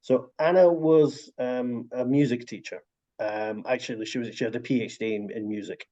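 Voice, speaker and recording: A man's voice: medium pitch, steady tone, moderate pace. A man telling stories in a casual video call chat, with many restarts. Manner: warm storytelling, frequent restarts. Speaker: author and story collector. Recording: dull lo-fi video call audio.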